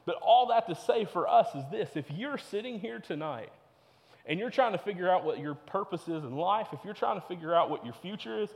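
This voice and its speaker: A man's voice: sits high, animated, fairly quick, vocal fry, in a large hall. A young man preaching a sermon to teenagers as a youth pastor, earnest and repetitive. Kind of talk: sermon to teens.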